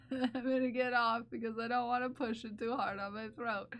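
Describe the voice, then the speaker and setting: A woman's voice: on the high side, flat delivery, normal speed, fairly bright tone. A young woman streaming live and chatting with viewers in a playful, teasing way, laughing often, recorded on close microphones. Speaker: livestreamer who crochets. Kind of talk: casual livestream chat reading viewer comments. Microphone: close ASMR microphones.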